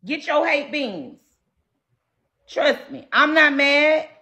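A combative woman livestreamer tears into her chat in a loud, profane rant. Her voice sits high and sounds bright and sharp. Her pitch swoops all over the place as she talks. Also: lively intonation, takes it slowly, lo-fi sound. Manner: brash and profane. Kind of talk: ranting to live chat.

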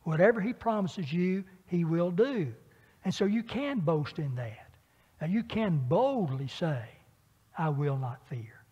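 Husky man teaching a church Bible class. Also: sits high, expressive, warm tone. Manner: conversational, many filler pauses, asks the class questions. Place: church meeting room. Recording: dull, echoey church room recording.

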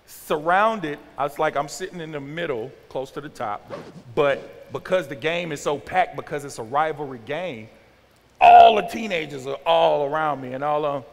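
A man in his forties, a youth pastor giving an animated sermon and acting out teenagers' talk. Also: a little high, normal speed, gravelly. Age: 40s. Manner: animated, acts out teen slang with exaggerated voices. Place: church sanctuary. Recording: large hall with long reverb.

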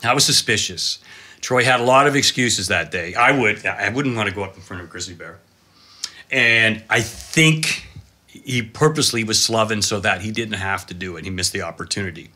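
A man in his fifties, a cameraman guest telling animated, excitable stories full of exclamations. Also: fairly low pitch, moderate pace. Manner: excitable, dramatic storyteller with exclamations and laughs.

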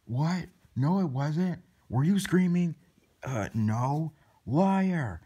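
A man voicing a stern man keeping order at the store line, loud and accusing. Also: on the high side, lively intonation, slow pace, husky, voice pushed up, full character voice. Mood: bossy.

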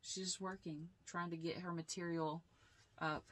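A woman doing a casual tarot reading, blunt and animated, swearing freely. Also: fairly low pitch, a little slow. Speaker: tarot reader.

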